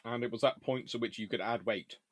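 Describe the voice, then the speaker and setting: A man's voice: medium pitch, fairly quick. A man hosting a casual live question-and-answer session on naval history. He reads viewer questions aloud and answers them offhand while eating between remarks.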